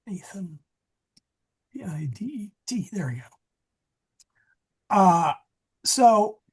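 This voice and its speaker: Husky man teaching a Latin class. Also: on the high side, darkish tone. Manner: digressive, self-correcting. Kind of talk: classroom lesson. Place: church meeting room.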